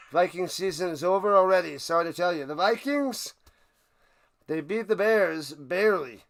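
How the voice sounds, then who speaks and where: A man hosting a live stream, giving play-by-play commentary and chatting with viewers, erupting into loud excitement on big plays. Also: on the high side, moderate pace. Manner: chatty, answers viewers' questions. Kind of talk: play-by-play commentary with chat banter.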